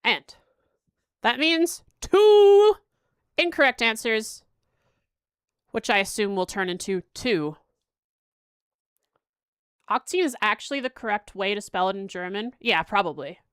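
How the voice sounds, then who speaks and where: A young woman livestreaming as she plays a quiz, chatting casually and thinking aloud with halting restarts. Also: medium pitch, lively intonation, pushed and bright, smooth, no echo. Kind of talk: casual livestream chat while playing a quiz.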